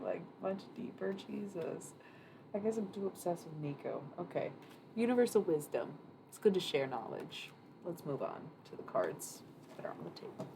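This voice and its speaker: A deep-voiced woman rambling casually through a live tarot card reading, swearing now and then. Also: expressive, normal speed, vocal fry, mellow. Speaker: tarot reader streamer. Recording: noisy room ambience.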